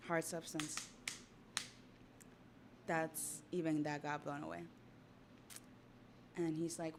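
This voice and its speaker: A young adult woman livestreaming as she reacts to a manga, chatty and excitable, with casual swearing. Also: low-pitched, slight background noise. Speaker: streamer.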